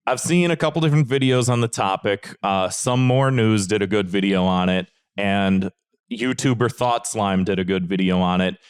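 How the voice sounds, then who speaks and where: A man's voice: fairly low pitch, clear, resonant tone. A man on a podcast, ranting in an exasperated, casual way and swearing freely. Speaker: podcast panelist.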